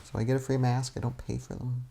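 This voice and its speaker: A man's voice: mid-range voice, flat delivery, fast talker, creaky, loud music behind the voice. A man, a guest and stop-motion animator, chatting casually indoors, rambling with lots of restarts and little rants. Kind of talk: casual chat. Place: indoors, sitting on a futon.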